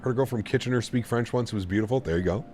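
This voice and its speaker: A man's voice: mid-range voice, racing, darkish tone, faint music behind. A man chatting casually on a live stream, rambling and reading viewer messages aloud. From Canada. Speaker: flight sim streamer.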